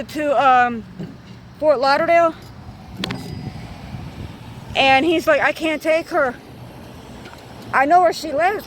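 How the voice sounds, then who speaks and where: A woman telling a personal story in casual storytime style, animated and swearing freely as she acts out what everyone said. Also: high voice, background noise.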